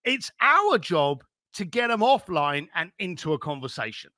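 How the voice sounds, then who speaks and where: Man, business guest, blunt and punchy, bright forceful tone, animated pitch. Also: moderate pace, no echo, clean studio sound. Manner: blunt, energetic, swears casually. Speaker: entrepreneur guest. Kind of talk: interview answers, motivational business advice.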